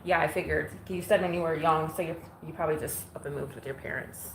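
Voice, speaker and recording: A fast-talking woman with a low-pitched, fairly even voice chats with her live audience while tidying up at home in Illinois. She's blunt and casual, answers comments, and occasionally swears. Windows are open in the kitchen and living room, and the sound is roomy with slight background noise.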